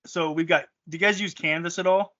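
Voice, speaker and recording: A man's voice: fairly high pitch, fairly even intonation, a little fast, fairly bright tone, dull audio. A man in casual podcast chat, asking curious questions. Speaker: podcast co-host.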